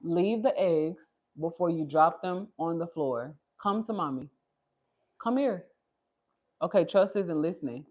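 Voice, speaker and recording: A woman hosting a casual livestream from home, her throat a little scratchy from a cold, chatting with viewers as "y'all" while she gently corrects her small child. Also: lowish voice, a little slow, muffled recording. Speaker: livestream host.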